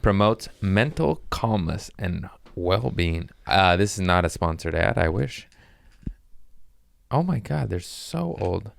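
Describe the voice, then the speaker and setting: A man's voice: low voice, sing-song, slow, creaky, dry recording. A man hosting his own podcast, rambling through a casual comedic monologue with self-mocking asides and playful voice shifts. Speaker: podcast host.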